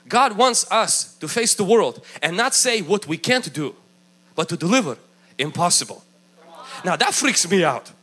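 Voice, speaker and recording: Male pastor preaching: high, animated and bright, emphatic, acts out quoted voices. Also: breathy edge. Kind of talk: sermon.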